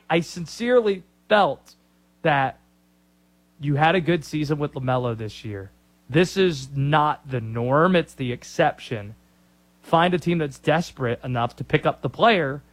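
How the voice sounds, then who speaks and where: A man hosting a sports talk radio show, opinionated and joking. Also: fairly high pitch.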